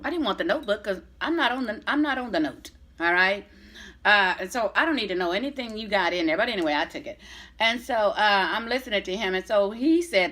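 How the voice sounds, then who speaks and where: A middle-aged vlogger tells a long personal story to camera in a brisk, mid-range, slightly bright voice with lively intonation. She's blunt and chatty, swears freely, and keeps restarting her sentences.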